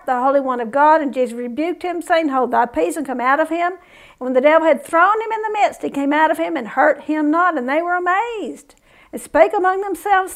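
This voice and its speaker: Bible teacher, female, high-pitched, folksy and chatty between readings. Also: brisk. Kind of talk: Bible study reading scripture with casual asides.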